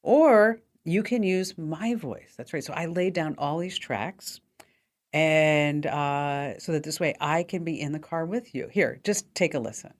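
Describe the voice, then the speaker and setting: A woman's voice: sits low, measured pace. A woman hosting a tech call-in radio show, talking in a chatty, upbeat way with plenty of fillers. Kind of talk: casual call-in radio talk.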